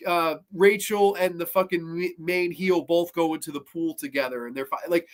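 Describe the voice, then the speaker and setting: A man hosting a horror film review show, retelling scenes in a casual, excitable and profane way. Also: a little high, normal speed.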